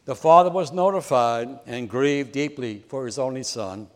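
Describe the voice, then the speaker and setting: A man's voice: mid-range voice, moderate pace. Man preaching in a reverberant hall. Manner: earnest, appealing to the audience. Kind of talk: sermon storytelling and invitation. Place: church or large hall. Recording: long reverb of a large hall.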